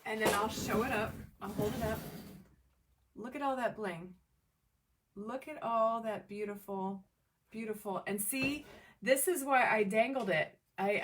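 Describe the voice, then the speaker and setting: A woman hosting a live crafting demo from home, chatting with viewers by name in an excitable, chatty way. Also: fairly high pitch, distant mic. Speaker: crafting livestream host. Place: home craft table, camera on tripod.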